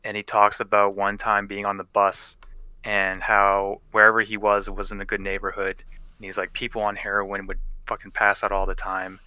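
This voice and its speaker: Bright, crisp-voiced young game master. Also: male voice, lowish voice, completely flat delivery, moderate pace, no echo, poor audio. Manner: casual and profane, laughs often, many fillers. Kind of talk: narrating a tabletop game over a call.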